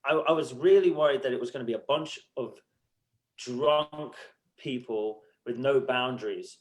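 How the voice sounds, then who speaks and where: A man guest on a podcast, telling stories casually and acting out conversations with other voices. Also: mid-range voice. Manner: animated, acts out exchanges, swears. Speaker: podcast guest, band musician. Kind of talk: casual storytelling.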